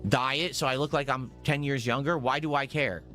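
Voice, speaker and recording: A man's voice: mid-range voice, steady tone, a little fast, sharp tone, faint music behind. A man in his forties ranting defensively and emphatically in a gaming stream commentary. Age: 40s.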